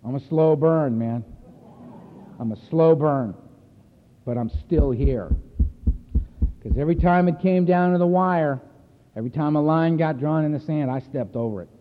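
A man addresses a recovery meeting, telling his story in a blunt, earthy, emphatic way. His voice sits a little high for a man. It rings through a reverberant hall and comes across thin and phone-like. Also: a little slow, pauses often. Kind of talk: personal recovery talk to a meeting. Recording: echoey hall over a tinny phone-like line.

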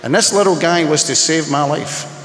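This is humorous personal storytelling from a man speaking a little high at a moderate pace, his tone a bit bright. Sharing his own story at a recovery meeting, he pokes fun at himself with sharp comic timing, recorded in an echoey hall with faint ambience and slight background noise.

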